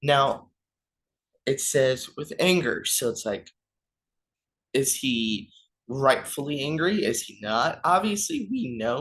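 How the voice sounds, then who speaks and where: A man's voice: mid-range voice, expressive, unhurried, a bit bright. A young man, a youth minister, gives an informal devotional reflection, stumbling over names and apologizing as he goes.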